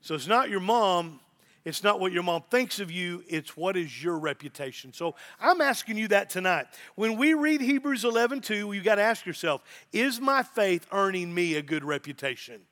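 A man's voice: high voice, animated, moderate pace, fairly bright tone. A middle-aged man, a pastor, preaching a sermon with emphasis and repeated phrases.

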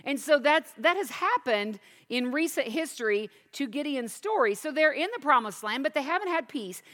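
A woman's voice: high voice, animated, moderate pace, fairly bright tone. Woman teaching a sermon in an echoing hall. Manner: reads scripture aloud, then explains it with questions. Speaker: Bible teacher.

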